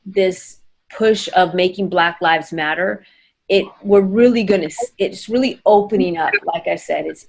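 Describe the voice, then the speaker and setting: Low gravelly-voiced woman interviewer. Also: poor audio. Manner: thoughtful, many fillers and tag questions. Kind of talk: reflective interview conversation.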